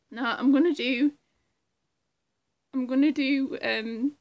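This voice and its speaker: A woman's voice: high voice, darkish tone. A woman in casual chat between her impressions, giggly and self-deprecating, who swears casually. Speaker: impressionist video creator.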